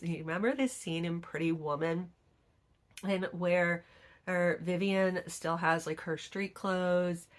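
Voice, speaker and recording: Woman, middle-aged, casual vlog chat, storytelling, low-pitched. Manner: chatty storytelling, acts out quoted people. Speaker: vlogger.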